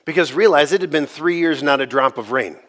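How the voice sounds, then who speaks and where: A middle-aged man pastor preaching a sermon, telling the story with lively, sarcastic quoted lines and occasional laughs. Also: fairly high pitch, fairly quick.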